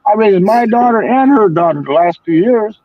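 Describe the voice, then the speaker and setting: A man's voice: high-pitched, animated, moderate pace, dry recording. An older man chatting casually as a stream host, telling rambling, profane stories. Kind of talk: casual chat. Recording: dull lo-fi sound.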